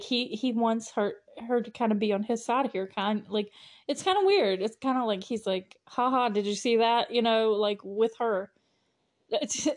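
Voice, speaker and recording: A woman's voice: on the high side, a little mellow. A woman hosting a podcast, recapping a film in a chatty, casual way with lots of fillers and frequent laughter. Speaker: podcast host.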